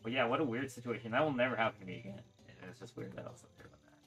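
A man's voice: medium pitch, racing, fairly bright tone, breathy edge, soft background music. A young man chatting casually while gaming, rambling and swearing freely as he tells a story. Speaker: gaming streamer. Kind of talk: casual chat while playing.

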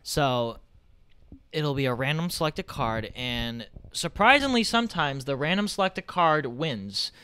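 A man's voice: a little high, expressive, measured pace, sharp tone, smooth. A man hosting a casual podcast, explaining things in a rambling way with many fillers. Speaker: podcast host.

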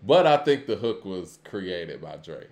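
A man's voice: deep voice, very animated, a little slow, a little mellow. A man co-hosting a podcast, talking in an easygoing, hesitant way with many ums during a casual debate. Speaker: podcast co-host.

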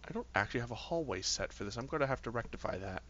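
Male game master, bright tone, halting narration, dry muffled recording. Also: mid-range voice. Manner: relaxed, hesitant narration with many fillers.

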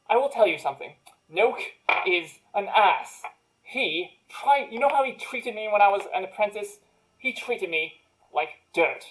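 A bitter male wizard's ex-apprentice, scheming and quick to rant with indignation, as a woman game master voices him. The voice sits at a middling pitch for the performer. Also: natural voice, low-quality recording. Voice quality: indignant, ranting.

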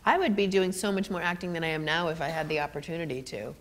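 An animated middle-aged woman, a guest actor telling stories on a college stage, laughing often. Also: sits low, fast talker. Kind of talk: storytelling on a college stage interview.

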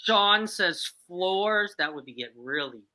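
A woman's voice: on the low side, expressive, takes it slowly, sharp tone. A woman with a New York accent hosting a live-stream game show, joking and reading out viewer answers. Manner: reads out viewer answers, jokey.

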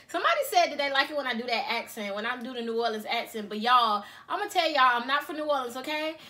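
A woman's voice: sits high, animated, a little fast, bright, forceful tone. A young woman filming a casual vlog in her bedroom on her cell phone, chatting to viewers and calling them y'all. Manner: chatty, addresses viewers as y'all, repeats okay. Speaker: mukbang vlogger.

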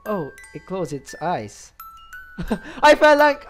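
A man's voice: high-pitched, wildly swooping pitch, unhurried, fairly bright tone, soft background music. A man commentating a horror game playthrough, jumpy and easily startled, gasping, yelping and laughing nervously as he plays. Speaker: let's play gamer.

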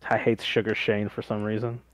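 A man's voice: on the low side, level tone, brisk, lo-fi sound, very noisy. A man co-hosting a casual podcast, recapping wrestling in a matter-of-fact way with short, dry replies. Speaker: podcast co-host.

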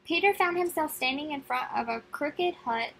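High-voiced woman reading a picture book aloud. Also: moderate pace, slight background noise, low-quality recording. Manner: friendly, expressive storytelling. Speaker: read-aloud narrator.

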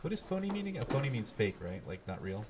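A man teaching a class and hosting the show, asking questions in a relaxed, playful, teasing way. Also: medium pitch, fast, noisy background.

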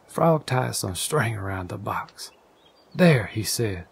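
A man reading a children's story aloud in a soft, partly whispered ASMR style, close on a condenser microphone. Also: fairly low pitch, lively intonation, measured pace, vocal fry, slightly rough. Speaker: storybook reader.

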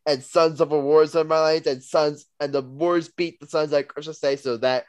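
A man's voice: fairly high pitch, fairly even intonation, fairly quick, darkish tone, clean tone, dry recording. A young man hosting a casual sports podcast, reading out bet results and standings in an upbeat way. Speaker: podcast host.

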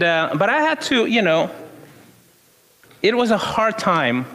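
A man's voice: a little high, fairly bright tone. A man in his fifties, a pastor, preaching a conversational sermon full of personal stories and informal restarts. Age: 50s. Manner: storytelling, informal, frequent restarts.

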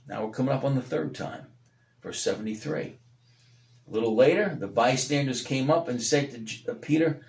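A man preaching a sermon as pastor, swinging between loud emphatic peaks and hushed low passages. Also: expressive, normal speed, gravelly, reverberant. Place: church sanctuary.

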